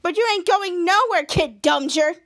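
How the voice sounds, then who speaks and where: A woman's voice: very high voice, moderate pace, fairly bright tone. A woman voicing a scheming, petulant tiny male villain with a mocking, drawling delivery while recapping a show. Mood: smug.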